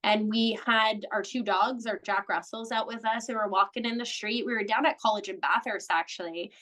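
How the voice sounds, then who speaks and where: A woman in her forties from Canada, a podcast guest, chatting casually and telling animated stories with plenty of swearing. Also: mid-range voice, moderate pace. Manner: lively storyteller, swears freely. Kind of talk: casual chat. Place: home in England.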